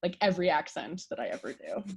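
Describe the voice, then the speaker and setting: A woman's voice: lowish voice, lively intonation, quick pace, gravelly, darkish tone, slightly rough. A middle-aged Canadian woman, a guest therapist on a podcast, chatting directly and laughing often. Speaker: guest sex researcher and therapist. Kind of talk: casual podcast interview.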